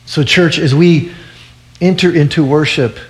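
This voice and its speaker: A man's voice: a little high, unhurried. A male pastor preaching a sermon to his church in an earnest way, often restarting and repeating words.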